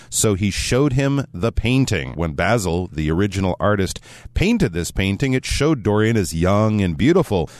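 A man with a low voice that swings widely in pitch, explaining a story passage by passage as an English teacher. The dry studio sound keeps him close and clear. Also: no room sound. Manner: explanatory, animated when acting out quotes. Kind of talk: radio English lesson.

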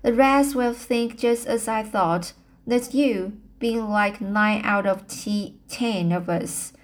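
A woman reading the lines of a kind, practical young male student, slowly and with small slips. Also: mid-range voice, natural voice. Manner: slow halting reading with repeated words.

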